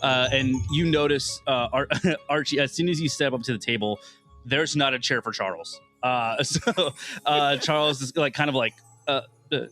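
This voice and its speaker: A man's voice: medium pitch, fairly bright tone. Casual man game master. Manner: casual, filler-heavy, rambling. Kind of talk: narrating a tabletop game.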